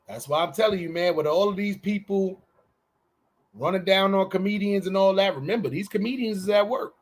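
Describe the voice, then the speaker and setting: A podcast host, a man with a high voice, chatting loosely and joking. He slows down and stretches words out when he wants to make a point. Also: a little hiss or hum. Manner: loose, joking, drawn-out emphatic delivery. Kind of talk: casual chat.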